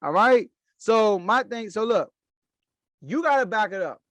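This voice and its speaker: A man's voice: high voice, animated, a little slow, a bit bright, dry recording. A man hosting a solo sports podcast, giving emphatic opinion commentary and repeating his key phrases for weight.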